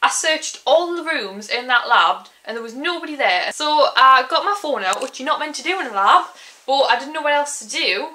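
A young woman talks straight to her viewers in a casual vlog. Her voice is bright and fairly high, and she chats on in an exasperated, ranting way, peppered with "like". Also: lively intonation, normal speed, low-quality recording. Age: young adult. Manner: chatty, exasperated ranting with frequent "like". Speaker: vlogger.

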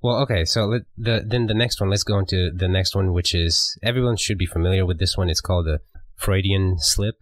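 Podcast guy chatting loosely, lowish voice, dry close sound, laughs a lot. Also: no room sound. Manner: relaxed, rambling, laughs often. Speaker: podcast co-host. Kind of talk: casual chat.

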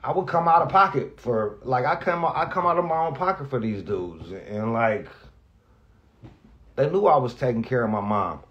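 A radio host's mid-range, fairly bright and expressive voice comes through lo-fi sound at a moderate pace as he gives a casual goodbye. He rambles profanely, often restarts sentences, and grows emotional to the point of near tears at times.

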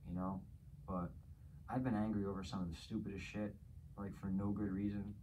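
A man's voice: on the low side, flat delivery, brisk, dark tone, a little hiss or hum, rough recording. A man in his forties from New Jersey, a podcast guest speaking in candid, casual chat, frank and profane, flaring up when he vents. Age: 40s.

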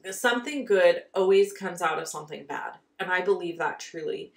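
A woman telling a personal story in a casual, animated way, full of "like" fillers. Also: lowish voice, reverberant, distant mic. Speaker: card-making vlogger.

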